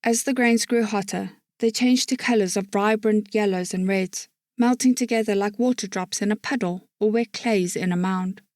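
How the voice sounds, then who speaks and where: A woman narrating an audiobook chapter in a steady storytelling manner. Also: mid-range voice, moderate pace, few pauses, dry recording, studio quality. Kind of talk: scripted narration.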